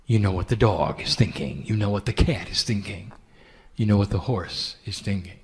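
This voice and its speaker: A man giving a channeled spiritual talk in a gentle, intimate, preacherly way. He often asks the listener rhetorical questions. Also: fairly low pitch, moderate pace, husky, in a large hall.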